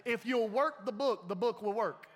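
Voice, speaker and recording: A man preaching a sermon as a pastor, telling his story in a lively way, acting out voices and laughing along. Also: extremely high pitch, normal speed. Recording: long reverb of a large hall.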